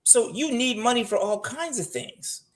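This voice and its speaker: High-voiced man talking frank and animated. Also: moderate pace. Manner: frank and animated, swears freely; answers viewer comments. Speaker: guest on a finance show. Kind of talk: casual livestream talk. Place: home room.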